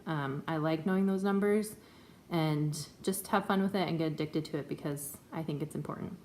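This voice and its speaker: A woman's voice: sits low, moderate pace, a little mellow, a little hiss or hum. A woman in her twenties talking in a chatty, self-conscious way, with lots of fillers, for a home video update. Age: 20s. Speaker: vlogger. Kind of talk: casual chat. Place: home room.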